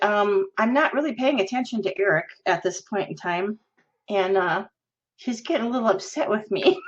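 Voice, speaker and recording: Chatty woman podcast host, lively and giggly storyteller, on a lo-fi recording. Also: mid-range voice. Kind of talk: casual storytelling.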